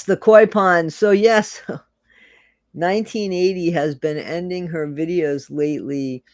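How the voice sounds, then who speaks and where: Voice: medium pitch, no echo, studio quality. Chatty livestream host. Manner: chatty, rambling, laughs often, repeats phrases. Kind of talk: casual livestream chat reading viewer comments.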